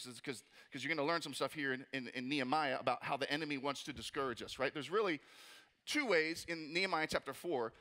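A young man preaching with a high, bright, ringing voice. He talks with energy and humor, often repeating words and slipping into quick put-on voices for the people in his stories. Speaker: pastor. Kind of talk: sermon. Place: church auditorium.

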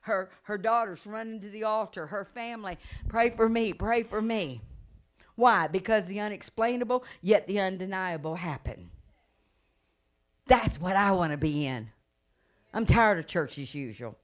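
Woman evangelist, middle-aged, revival sermon; dramatic storyteller who swells into loud, fervent preaching. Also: mid-range voice, moderate pace. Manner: animated storytelling, acts out voices and gasps; rises to loud preaching cadence.

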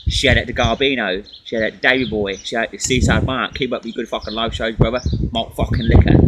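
A man's voice: medium pitch, steady tone, quick pace, hardly any pauses. Coughing, swearing man outdoors. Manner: profane, rambling, swears constantly. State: coughing often. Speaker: vlogger. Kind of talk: rambling shout-out vlog. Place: outdoors in a snowy garden. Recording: loud wind noise outdoors.

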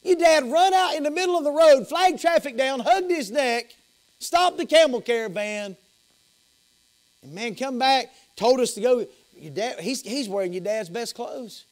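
A man voicing an excited young male servant, stammering and gushing with news in a sermon story. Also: high voice, normal speed, few pauses.

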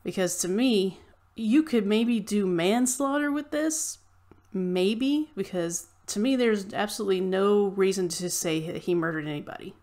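A woman's voice: medium pitch, measured pace, darkish tone. A woman vlogger delivering an impassioned, ranting opinion monologue straight to her viewers.

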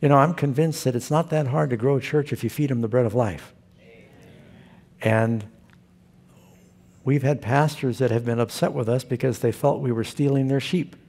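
Gravelly, husky preacher man. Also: medium pitch, fairly even intonation, moderate pace, pauses often, darkish tone. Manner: folksy storytelling preacher. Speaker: pastor. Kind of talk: sermon.

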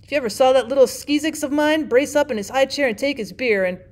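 A woman doing a chatty, excitable bartender. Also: high-pitched, fast talker, natural voice. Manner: rambling, folksy.

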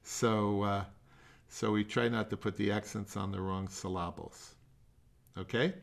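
A man's voice: lowish voice, steady tone, creaky. An older man coaches a student in a masterclass, wandering through his points with stops and restarts. He pokes fun at himself along the way. The sound comes through a video call. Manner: rambling, halting, self-deprecating humor. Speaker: music teacher leading a masterclass. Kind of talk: remote masterclass feedback.

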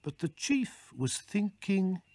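A man reading scripted storybook narration in a lively, expressive way. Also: sits high, slow pace, noisy background.

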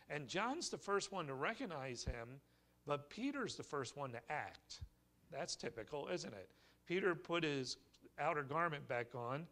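A male pastor preaching a sermon in a church, telling the story in a relaxed, conversational way with light humor. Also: fairly high pitch, vocal fry. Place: church sanctuary.

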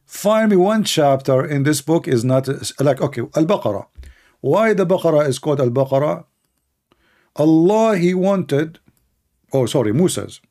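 A man with a non-native English accent hosting a call-in livestream, telling stories in a rambling, animated way. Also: a little high, moderate pace. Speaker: host of a call-in show. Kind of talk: casual livestream talk.

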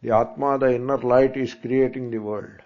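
A man with an Indian English accent, a spiritual teacher, gives a Vedanta discourse to students in a lecture hall, lecturing conversationally with many rhetorical questions and Hindi asides. His mid-range voice has fairly even intonation at a normal speed. The lecture recording is dull and lo-fi.

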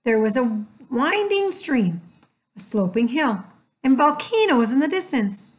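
A woman narrating a children's chapter book aloud, expressive and doing voices for the characters. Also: sits high, measured pace. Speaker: audiobook narrator.

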